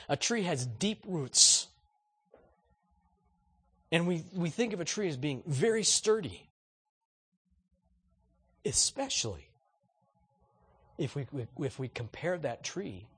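Animated preacher with a husky voice. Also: male voice, fairly high pitch. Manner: animated preaching, rhetorical questions to the congregation. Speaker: pastor. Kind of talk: sermon.

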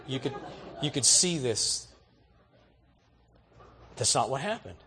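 A man's voice: medium pitch, animated, unhurried, pauses often, pushed and bright, a little hiss or hum. A man preaching a sermon, telling everyday stories in a folksy, exhorting way. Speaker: pastor.

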